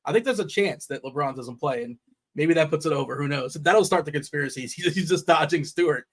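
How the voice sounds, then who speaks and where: Man, fantasy sports host, rambling and animated, slightly high voice, casual livestream talk. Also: fairly quick. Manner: animated, rambling, laughs often. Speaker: DFS show host.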